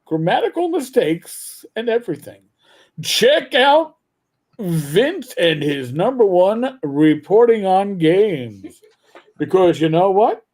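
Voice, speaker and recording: A man's voice: high voice, sing-song, slow pace, darkish tone, full character voice. A man putting on the voice of a male radio announcer who hypes a gaming blog in a mock-promotional way. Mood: hyping.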